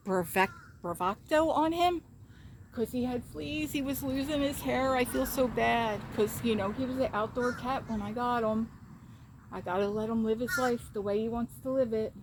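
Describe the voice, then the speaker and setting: A woman vlogger chats casually while filming in her backyard, walking viewers through her setup. She calls to her cat in a high sing-song, with outdoor background noise in the recording.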